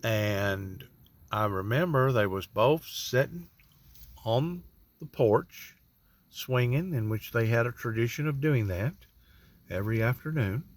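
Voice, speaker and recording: A middle-aged man, slowly telling a personal religious testimony with emphatic rising peaks. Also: medium pitch, expressive. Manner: slow, drawn-out storytelling with rising emphatic peaks.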